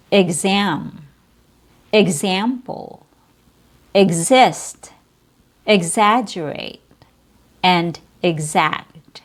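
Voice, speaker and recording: Speaking in a mid-range voice, a female English pronunciation teacher takes her time, enunciating carefully. She stretches out individual syllables and example sounds.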